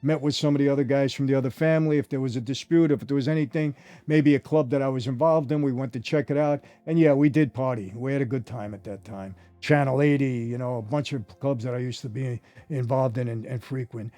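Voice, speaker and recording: An older man tells stories from his past in a casual, animated monologue, often turning to address his listeners directly. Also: medium pitch, a little fast. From New York. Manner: animated, addresses listeners directly, repeats "I gotta tell you". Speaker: former mobster telling stories.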